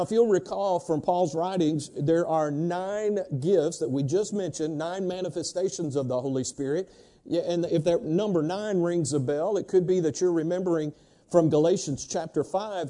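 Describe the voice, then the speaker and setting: A pastor delivers a sermon with a mellow, warm tone set slightly high for a man. He talks in an easy conversational way and keeps calling on the congregation to answer and to turn to each other. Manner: conversational preacher, prompts congregation call-and-response.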